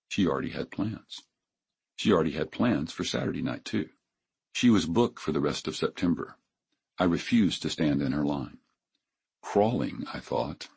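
A man in his seventies from Texas, narrating his memoir in a measured, reflective way. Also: deep voice, creaky, a little mellow, husky.

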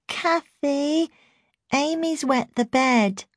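A toddler's high baby voice. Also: female voice, dry recording, clean studio sound. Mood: babyish. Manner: slow, high lisping baby talk. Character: little girl regressed to a toddler, babbling baby talk.

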